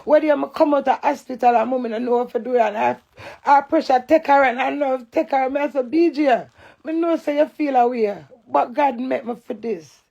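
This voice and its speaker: A loud, cantankerous middle-aged Jamaican woman ranting on a live stream. Her voice is gravelly with a lot of fry, and she swears freely in thick patois. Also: sits high, normal speed, dull audio. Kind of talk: heated live-stream rant.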